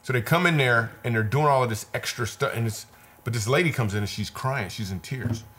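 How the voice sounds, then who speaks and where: A man's voice: mid-range voice, a little fast, fairly bright tone, a little hiss or hum. A man, a comedian guest, telling a personal story in an earnest, repetitive, vivid way. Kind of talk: conversational storytelling.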